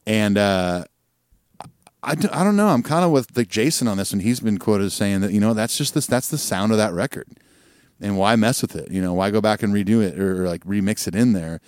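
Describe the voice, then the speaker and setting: A man chats easily on a music podcast, agreeable and a touch hesitant, often restarting his sentences. His voice is fairly low. It's recorded dry and close. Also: expressive, brisk, a little mellow, clear, resonant tone, no room sound. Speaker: podcast co-host. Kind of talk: casual chat.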